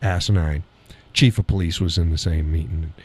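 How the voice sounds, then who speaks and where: A man's voice: low-pitched, steady tone, moderate pace, a little mellow, slightly rough. A middle-aged man hosting a live stream in casual chat, swearing freely, laughing often, telling stories with animation. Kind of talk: casual chat reading viewer comments.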